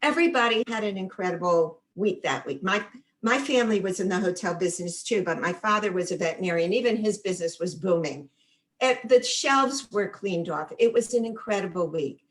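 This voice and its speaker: An older woman from upstate New York joins the conversation, talking at an everyday middle pitch. Her speech is casual and conversational, packed with names and recollections. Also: animated, normal speed, poor audio. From Catskills, New York. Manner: chatty, detailed recollections. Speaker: audience member commenting. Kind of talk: casual chat.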